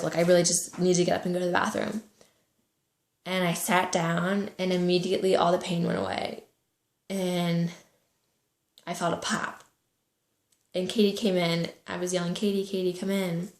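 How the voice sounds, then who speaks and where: A young woman in her twenties telling a personal story to camera, soft-spoken and halting, with many pauses and fillers. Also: lowish voice, little pitch movement, vocal fry, echoey room. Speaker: vlogger.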